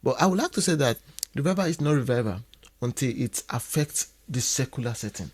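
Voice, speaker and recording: Man giving measured answers as a guest. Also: medium pitch, expressive, a little mellow. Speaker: podcast guest. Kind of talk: faith podcast interview.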